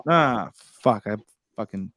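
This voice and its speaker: A man's voice: on the low side, lively intonation, slow pace, fairly bright tone, dry recording. An American man hosting a casual tech livestream chat, joking around and swearing freely. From United States. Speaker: host.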